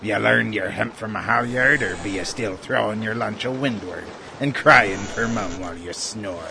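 A man playing a gruff, bossy pirate bosun, speaking old-timey pirate dialect in a booming, hearty manner. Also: moderate pace. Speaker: ad pitchman in character. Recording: noisy recording.

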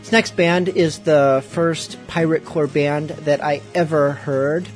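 A man's voice: on the high side, steady tone, slow, soft background music. A man hosting a pirate radio show, chatting loosely and offhandedly between songs after a few drinks of rum. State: has been drinking rum. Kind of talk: casual rambling talk.

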